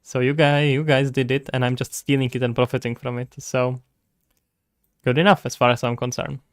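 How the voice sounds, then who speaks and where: A man's voice: medium pitch, flat delivery, fairly quick, no echo, studio quality. A man from the Czech Republic, a native Czech speaker with a Czech accent, chatting casually and joking as he thinks aloud while streaming his game development. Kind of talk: casual livestream chat.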